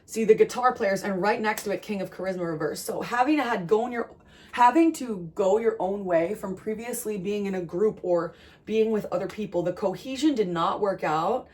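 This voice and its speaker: A woman's voice: medium pitch, normal speed, a little mellow. A young adult woman from New Jersey giving a channeled tarot reading, earnest and rambling, with many fillers and restarts. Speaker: tarot reader.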